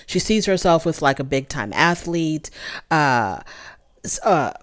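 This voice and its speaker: Female host, low-pitched, chatty gossip recap to camera. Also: measured pace. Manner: animated, gossipy, talks straight to viewers. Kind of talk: casual chat review.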